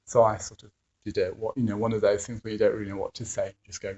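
A man's voice: lowish voice, fairly even intonation, a little fast, mellow. Hesitant man, dull lo-fi sound. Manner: hesitant, many fillers and restarts, chuckling asides. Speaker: addiction therapist teaching mindfulness. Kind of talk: anecdotal talk. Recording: dull lo-fi recording.

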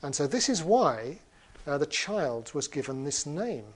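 Relaxed male Buddhist storyteller. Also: a little high, unhurried, slightly rough. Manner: relaxed, many "uh" fillers, chuckling. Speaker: Buddhist teacher. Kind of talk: storytelling dharma talk.

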